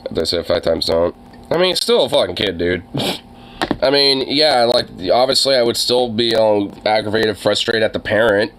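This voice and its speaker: A man's voice: lowish voice, moderate pace, fairly bright tone, a little hiss or hum. A young man ranting casually, with lots of fillers and swearing, sounding exasperated. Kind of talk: casual profane rant.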